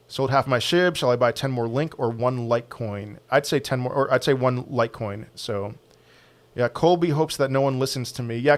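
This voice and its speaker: Host type: blunt American guy, rapid-fire Q&A answers, mid-pitch, gets animated on sports. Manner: blunt, quick opinions, animated and louder on sports. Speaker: crypto channel host answering viewer questions. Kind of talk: casual live Q&A.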